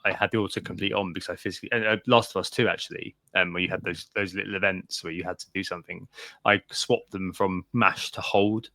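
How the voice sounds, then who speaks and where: Co-host: man, low gravelly voice, dry close mic, halting chatter. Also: fairly even intonation, sharp tone, no echo. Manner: hesitant, many ums and restarts. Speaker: podcast co-host. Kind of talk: casual chat.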